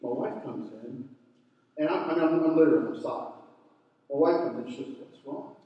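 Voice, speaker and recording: A middle-aged man preaching a sermon, telling stories in a relaxed, conversational way with ordinary fillers. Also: fairly high pitch, a little fast, dull audio. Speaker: pastor. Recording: echoey hall, mic from far off.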